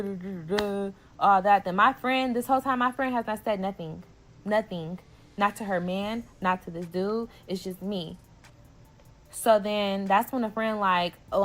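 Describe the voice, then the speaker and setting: A woman with a Bay Area accent tells a storytime tale in a loose, animated way. She swears freely, leans on slang and acts out each person's lines as she goes. Her voice sits at a middle pitch for a woman. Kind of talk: casual storytime vlog.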